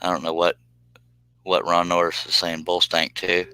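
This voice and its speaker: A deep-voiced man in his fifties chats his way through a live stream, drawling out greetings to viewers. His voice is bright and crisply clear. The sound is dry and close. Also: monotone, moderate pace, no room sound, low-quality recording. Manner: folksy, drawling, reads chat aloud. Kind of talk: casual live stream chat.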